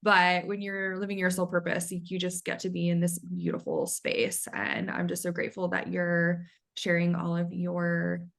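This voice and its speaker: A woman's voice: on the low side, monotone, normal speed, gravelly, few pauses. A woman hosting a casual interview, affirming her guest in a chatty, encouraging way. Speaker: podcast host.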